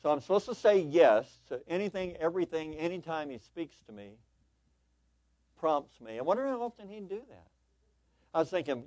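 A man preaching a sermon in church, swinging between loud emphatic lines and quiet, conversational asides. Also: a little high, animated, fairly quick, no echo. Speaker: pastor. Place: church sanctuary.

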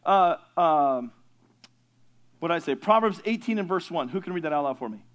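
Male pastor with a high voice, teaching scripture conversationally, quizzes and teases the class. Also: expressive, normal speed, lo-fi sound. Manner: conversational, asks the class questions, jokes with listeners. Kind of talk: teaching sermon.

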